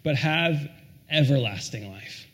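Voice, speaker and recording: A man preaching a sermon, earnest and questioning, often dropping to a soft hush on key lines. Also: fairly high pitch, animated, slow. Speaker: pastor.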